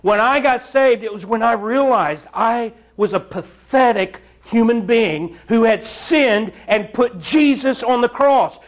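A man's voice: very high-pitched, unhurried, few pauses. A man preaching a fiery, blunt sermon in church, scolding the congregation. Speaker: pastor.

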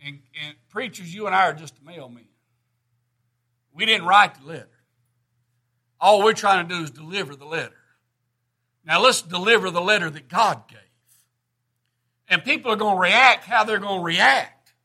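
A man's voice: sits high, moderate pace, pauses often, sharp tone. A middle-aged man preaching a sermon, folksy and plainspoken, rising to emphatic bursts.

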